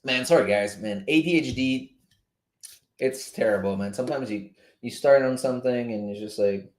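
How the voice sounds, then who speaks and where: A man from Montreal, Canada, with a Québécois French accent, hosts a casual livestream at medium pitch and a moderate pace, in a reverberant space. He chats loosely, swears, and goes off on tangents.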